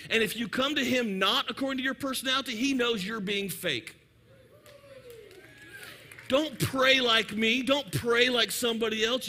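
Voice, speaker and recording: A man preaching a lively, joking sermon in church, sometimes shouting for emphasis. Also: very high voice. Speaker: pastor. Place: church sanctuary.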